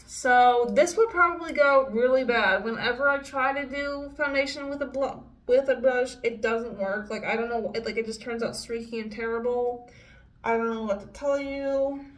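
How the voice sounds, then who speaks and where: A woman's voice: a little high, steady tone, normal speed, recorded from a distance. A young woman doing a casual makeup vlog, talking frankly and swearing often with frustrated outbursts. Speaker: beauty vlogger.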